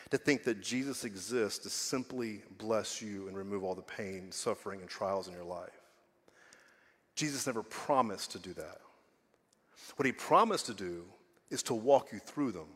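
A man's voice: mid-range voice, a bit bright. Conversational male pastor in a reverberant hall. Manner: conversational preaching, rhetorical questions, dynamic swings in volume. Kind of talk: sermon.

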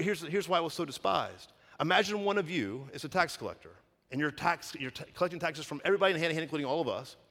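A man preaching a sermon as pastor, animated, acting out quoted voices and swinging between loud and soft. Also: a little high. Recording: long reverb of a large hall.

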